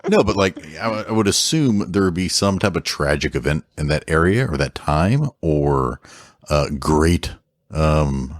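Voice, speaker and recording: A man's voice: a bass voice, animated, measured pace, no room sound. A man co-hosting a podcast in casual chat, bantering in a playful, jokey way. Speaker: podcast co-host.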